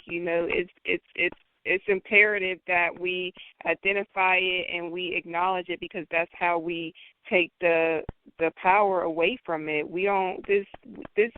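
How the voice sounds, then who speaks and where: A woman's voice: mid-range voice, no echo. A woman social worker appearing as an interview guest. She speaks earnestly and spells out her contact details. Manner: earnest, measured, spells things out. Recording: dry, phone-like line.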